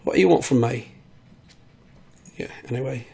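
A man putting on a loud, gravelly cockney bloke. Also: moderate pace. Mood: pleading, playful. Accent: put-on cockney. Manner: loud, playful, pitched up. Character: cheeky cockney man pleading for a break.

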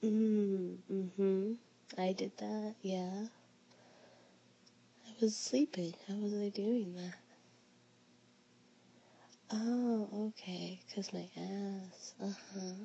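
A woman's voice: medium pitch, steady tone, extremely slow, long pauses, lo-fi sound, a little hiss or hum. Sleepy whispering woman, whispered role-play. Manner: sleepy, intimate, breathy whispering with soft murmurs. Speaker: audio role-play performer.

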